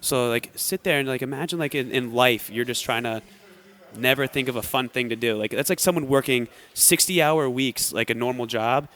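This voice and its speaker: Young american guy on a podcast, lively storyteller, does little voices for people. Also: mid-range voice, moderate pace. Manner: animated storyteller acting out quotes. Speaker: guest athlete. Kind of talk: casual podcast chat.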